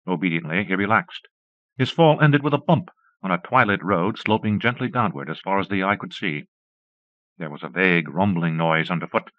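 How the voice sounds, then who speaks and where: Man narrating an audiobook, low voice, measured, dry close mic, dull cassette sound. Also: no echo. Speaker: audiobook reader. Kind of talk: scripted narration. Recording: muffled dry cassette recording.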